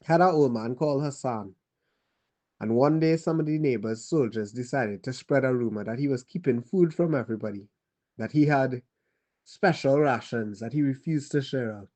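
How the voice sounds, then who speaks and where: A man with a Trinidadian accent playing a weary male survivor who tells a child about the war in a grave, halting monologue. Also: medium pitch, a little mellow, natural voice. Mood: somber. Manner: halting, grave, pauses and restarts. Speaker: storyteller. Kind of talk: dramatic monologue.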